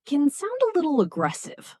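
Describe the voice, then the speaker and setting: A woman giving a scripted English lesson for beginners, speaking slowly and clearly with model sentences. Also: high voice, wildly swooping pitch, a little mellow, no echo. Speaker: English teacher.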